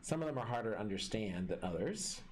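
A man's voice: on the low side, sing-song, fast, slight background noise. A male teacher walking students step by step through a screen-recorded classroom tutorial in a friendly way.

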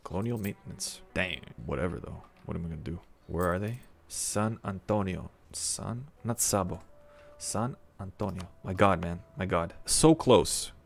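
A man giving casual commentary while playing a strategy game, talking to himself with excitable outbursts. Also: deep voice, normal speed, gravelly. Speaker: strategy game let's-player.

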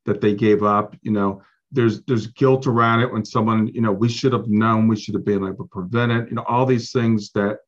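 A man hosting an interview podcast, gentle and reflective, affirming his guest as he talks. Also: lowish voice, fairly even intonation, brisk, hardly any pauses. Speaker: podcast host. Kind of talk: interview conversation. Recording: muffled lo-fi audio.

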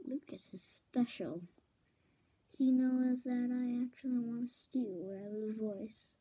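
A woman voicing a scheming teenage girl villain in a slow, hushed whispered role-play. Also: on the high side, steady tone, breathy edge, rough recording.

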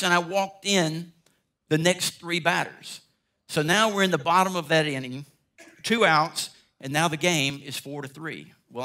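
A middle-aged man, a guest speaker telling a story in a sermon, acting out the dialogue. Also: on the high side. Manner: animated storyteller, acts out dialogue.

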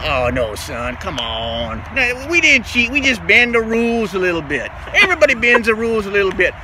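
A man voicing a loud, boastful male baseball superfan with a Texan accent, folksy and forever calling people son, as a comic vlog character. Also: high voice, big pitch swings, fairly quick, noisy background. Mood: brash.

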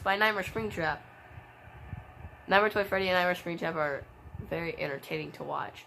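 A woman giving casual play-by-play commentary on a wrestling video game, with excitable exclamations and sudden shrieks. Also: lowish voice, normal speed, creaky, long pauses, slight background noise. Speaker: gameplay commentator.

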